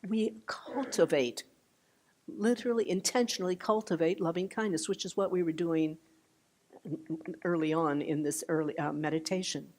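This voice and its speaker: An older woman giving a meditation talk, gentle and unhurried, with soft trailing phrases and restarts. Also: on the low side. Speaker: meditation teacher. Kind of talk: dharma talk. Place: meditation hall.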